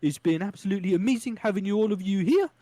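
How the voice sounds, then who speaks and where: A man's voice: sits high, expressive, racing, dark tone, no room sound. A man voicing a mock New Zealand podcast host, with a put-on New Zealand accent and a hammy, self-mocking delivery.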